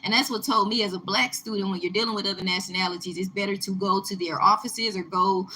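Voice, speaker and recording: A young woman from Texas telling a personal story in a casual talk video, in an emphatic, animated way. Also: medium pitch, quick pace, slight background noise, rough recording. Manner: emphatic, animated retelling with rising indignation. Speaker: vlogger.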